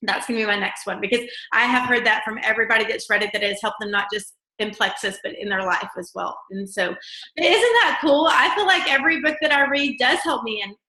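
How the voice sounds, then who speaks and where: Bubbly high-voiced woman host. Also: expressive, bright, forceful tone, roomy sound. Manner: bubbly, rambling, quick laughs. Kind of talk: casual live video chat.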